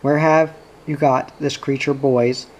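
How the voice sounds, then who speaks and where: A man's voice: mid-range voice, flat delivery, a little slow, low-quality recording. A man voicing a jovial, tipsy middle-aged father who talks in a boisterous, florid, sing-song way.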